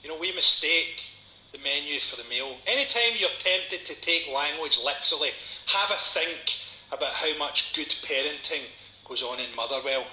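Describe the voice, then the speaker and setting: A Scottish man in his forties doing a stand-up comedy set, with a dry, sardonic delivery and dark punchlines. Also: a little high, animated, normal speed. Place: comedy venue before a live audience. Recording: echoey venue with audience noise.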